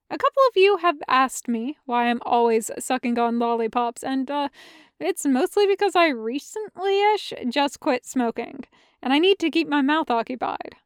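A woman's voice: high-pitched, no echo, clean studio sound. A woman voicing a cocky young man who vlogs candy reviews, wry and swearing casually.

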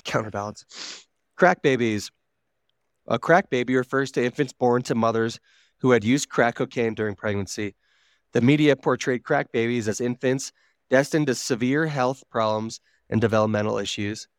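A man's voice: mid-range voice, normal speed, clear, resonant tone, dry recording, studio quality. A man co-hosting a podcast, reading out notes in a casual, swearing manner while wheezing from asthma. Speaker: podcast co-host.

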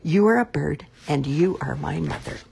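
A woman's voice: low-pitched, animated, moderate pace, creaky, a little mellow, slight background noise, exaggerated voice. A woman voicing an eager little baby bird boy searching for his mother, with a pleading, wide-eyed, earnest manner.

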